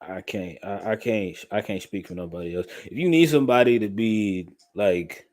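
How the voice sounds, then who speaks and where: A man with a fairly low voice hosts a laid-back podcast chat. He talks bluntly and uses plenty of slang. He circles back over his own phrases and restarts sentences as he goes. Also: moderate pace, darkish tone. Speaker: podcast host. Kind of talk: casual chat.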